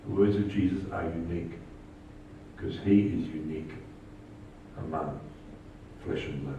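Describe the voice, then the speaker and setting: Male pastor, animated sermon delivery, heard from a distance in an echoey church, slightly dull sound. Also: a little slow, slight background noise. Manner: animated preaching, rising pitch on quoted lines.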